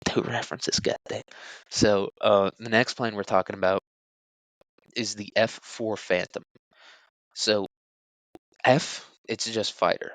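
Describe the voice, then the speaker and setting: Lower-pitched young man rambling casually. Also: little pitch movement, unhurried, pauses often, a bit bright, no echo, low-quality recording. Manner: crude, joking, rambling with fillers. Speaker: podcast host. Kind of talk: casual solo podcast talk.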